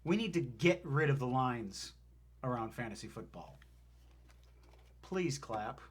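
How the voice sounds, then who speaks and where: A man's voice: mid-range voice, sing-song, a little slow, husky. A man hosting a casual live show, chatting and reading viewer messages aloud. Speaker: show host. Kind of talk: casual live-stream chat.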